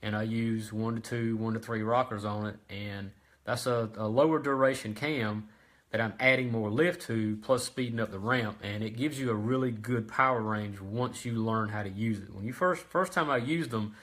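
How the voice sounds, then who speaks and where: A man hosting a casual how-to livestream about engine parts, talking in a relaxed, chatty way with many ums and restarts. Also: on the low side, normal speed. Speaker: host of a racing parts livestream.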